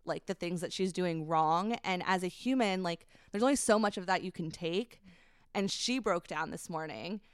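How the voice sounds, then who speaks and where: A young woman guest tells a heartfelt story, pausing often and filling gaps with likes and ums. Her voice is very smooth and resonant. The recording is close and dry, with no room sound. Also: fairly low pitch, dry recording. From United States. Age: 20s. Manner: emotional, hesitant, many likes and ums. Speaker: guest, brand founder. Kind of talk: candid podcast storytelling.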